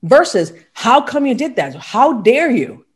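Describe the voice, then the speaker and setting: A woman motivational speaker, a guest on a podcast, with a fairly high voice. Her pitch swings widely as she acts out little imagined conversations. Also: a little slow. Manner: animated, acts out little dialogues.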